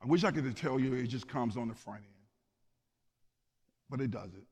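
An impassioned male pastor delivering a sermon, his voice set at an ordinary middle pitch. He swells to emphatic, rising peaks and then drops back low and quiet. A long hall reverb trails after every phrase. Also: normal speed, husky.

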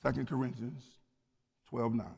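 A man's voice: mid-range voice, little pitch movement, moderate pace, vocal fry, a little mellow, husky. A man preaching a sermon as pastor, speaking with passion and building to emphatic peaks. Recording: long hall reverb.

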